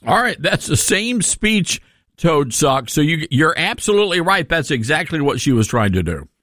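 A man hosting a talk radio show, animated and sarcastic in his commentary. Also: fairly high pitch, normal speed, no room sound. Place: radio studio.

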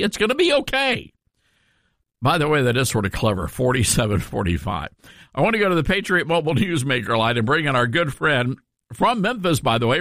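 A man's voice: medium pitch, a bit bright, no room sound, studio quality. A man hosting a political talk radio show, sarcastic and emphatic as he rants and jokes. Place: radio studio.

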